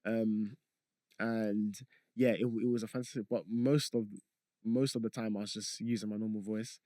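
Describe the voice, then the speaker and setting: A young man talking as a guest on a podcast, relaxed and rambling, with frequent fillers. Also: lowish voice, normal speed, no echo. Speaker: guest, content creator. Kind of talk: casual podcast chat.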